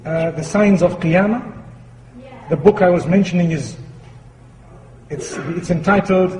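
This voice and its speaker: Guy giving a religious talk, kinda high voice, tells jokes, roomy hall echo. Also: dark tone, slight background noise. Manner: storytelling, acts out voices with humor. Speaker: Islamic speaker. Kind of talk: sermon with anecdote. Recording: echoey hall with reverb.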